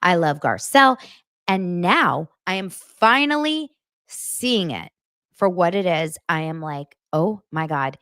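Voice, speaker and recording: A woman's voice: fairly low pitch, slow, no room sound, studio quality. A woman hosting a casual gossip show, talking bluntly and swearing freely. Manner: animated, blunt, swears freely, acts out quotes in voices. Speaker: podcast host recapping reality TV.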